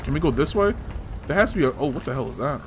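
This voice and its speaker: A man's voice: mid-range voice, lively intonation, very fast, a little hiss or hum. A man giving loose, casual commentary while playing a game, talking to himself and teasing the hero, with frequent swearing. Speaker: gameplay streamer.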